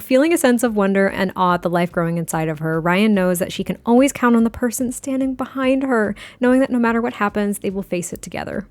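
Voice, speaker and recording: A woman's voice: fairly high pitch, no echo. Chatty giggly young woman. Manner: chatty, giggly, restarts often. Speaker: gaming creator. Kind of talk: casual gameplay commentary.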